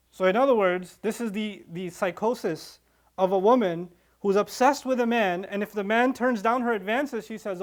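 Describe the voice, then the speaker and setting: A man giving a religious reminder, telling a scripture story with animated acted-out quotes and quick recitation of Arabic verses. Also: high-pitched. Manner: animated, acts out quoted characters. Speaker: preacher.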